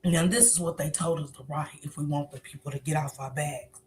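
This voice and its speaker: A woman putting on a low-pitched voice of a bossy mother coaching her family, barking orders and cursing all the time. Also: fairly even intonation, fairly quick, a little mellow, lightly acted.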